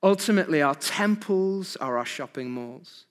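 A man's voice: fairly high pitch, lively intonation, moderate pace, long reverb tail. A man preaching an evening sermon, asking his congregation rhetorical questions with emphasis. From Britain.

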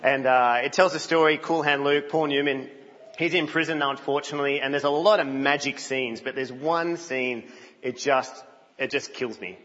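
A man preaching a sermon in a church, telling stories in an animated way and dropping to a hush. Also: medium pitch, normal speed. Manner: animated storytelling, drops to a hush. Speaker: guest preacher. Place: church, indoors. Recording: reverberant, muffled church hall.

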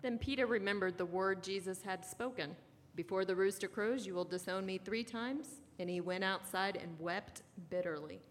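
A woman reading Bible passages aloud in a steady, measured way during a sermon. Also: medium pitch, slight background noise. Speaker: scripture reader. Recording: echoey hall reverb.

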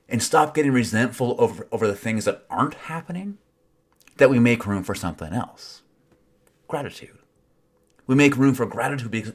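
A man's voice: medium pitch, breathy edge. Earnest man giving a wry sermon. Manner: earnest, wry, self-mocking asides. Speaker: preacher. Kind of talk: reflective sermon.

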